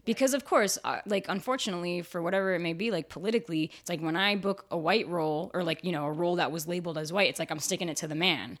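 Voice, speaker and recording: A young adult woman, an actor and writer, talking casually as an interview guest, animated and full of "like" and "you know". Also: on the low side, fast, hardly any pauses. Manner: animated storytelling, many fillers like "like" and "you know".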